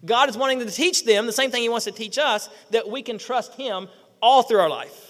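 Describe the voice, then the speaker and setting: High, bright-voiced preaching man in a reverberant hall. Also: fairly quick. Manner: animated preaching with acted-out quotes and rhetorical questions. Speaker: pastor. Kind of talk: sermon.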